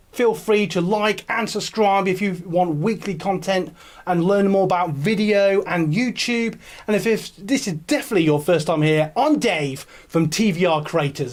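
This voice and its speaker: An English man hosting a casual live stream, chatting in a rambling way with many ums and restarts. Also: sits high. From England. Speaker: YouTube channel host. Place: home streaming setup.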